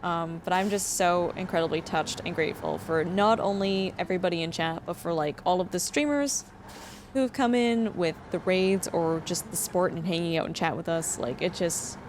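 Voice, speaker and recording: Over a noisy background, a young woman with a lowish voice talks at a normal pace on a casual livestream, reading to her viewers. She's emotional and gushing, laughing a lot while close to crying.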